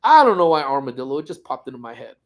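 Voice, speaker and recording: A man hosting a laid-back livestream from his home, drifting from topic to topic. He teases his viewers and jokes around as he reads their comments aloud. His pitch sits in the middle range. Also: very animated, racing. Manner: rambling, joking, teasing viewers. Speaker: livestream host. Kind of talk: casual livestream chat reading viewer comments.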